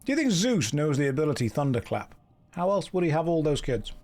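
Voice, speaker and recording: A man's voice: a little high, sing-song, fairly quick, a little mellow. A British man live-streaming a game, chatting casually and joking as he reads out and riffs on viewer messages.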